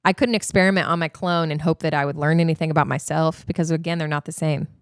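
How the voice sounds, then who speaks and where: A woman chats as a podcast guest and drops quick, deadpan quips. Her voice sits somewhat low. The sound is close and dry, with no room around it. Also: clean tone, no echo. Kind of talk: casual podcast banter.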